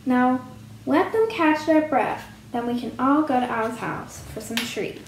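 A woman voicing a calm, motherly female kangaroo in a storybook reading, with a soft, soothing manner. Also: sits high, a little slow, far from the mic. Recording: roomy with faint hum.

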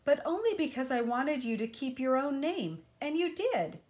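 Woman voicing friendly curious schoolboy, eager, a bit sheepish, higher pitch, storybook. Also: very animated, moderate pace, a little mellow.

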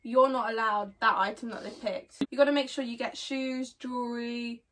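High-voiced woman chatting excitedly. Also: moderate pace. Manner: chatty, lots of "like" fillers, giggly. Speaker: vlogger host. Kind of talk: casual chat. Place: home bedroom. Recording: voice from a distance.

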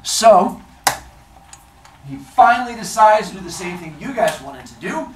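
A man's voice: high voice, lively intonation, a little slow, slight background noise. A man reading a story aloud to a group, adding playful asides that explain words, heard from a distant mic in a roomy space. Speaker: storyteller host.

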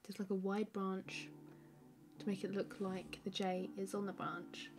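A woman's voice: mid-range voice, little pitch movement, unhurried, a little mellow, soft background music. Chatty woman on a live stream. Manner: chatty, laughs often, reads viewer comments aloud and answers them; rambling with many fillers like "like" and "um". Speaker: artist live-streaming a drawing. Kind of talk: casual live-stream chat.

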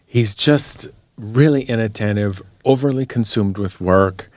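A man co-hosting a podcast about horror films, chatting in a thoughtful, measured way. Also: on the low side, a little mellow, no echo. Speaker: podcast co-host. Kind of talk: casual chat.

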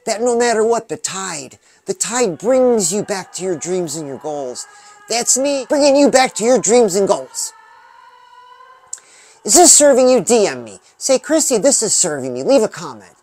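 A man giving an upbeat, preachy pep talk about dreams and goals, often breaking into drawn-out "oh yeah"s while presenting a music video. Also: high-pitched, big pitch swings, a little mellow. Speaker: music video reactor and motivational vlogger. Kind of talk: motivational talk.

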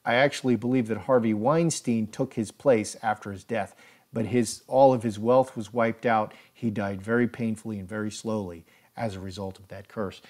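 A man narrating a first-person story in a solemn, deliberate, insistent way. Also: on the low side, fairly even intonation, a little mellow.

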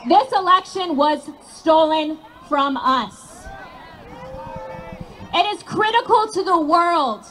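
A woman's voice: very high-pitched, animated, takes it slowly. A woman from Nevada, a conservative activist, giving an enthusiastic rally speech. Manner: enthusiastic greeting, declarative. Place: outdoor rally. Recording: faint crowd and noise outdoors.

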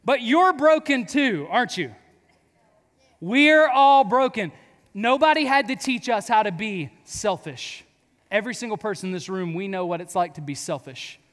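A man in his thirties gives a youth sermon, telling jokes at his own expense and talking straight to the students. His voice sits very high. The reverb of a large hall trails after every line. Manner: casual, joking storyteller addressing students. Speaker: youth pastor. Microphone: clip-on mic.

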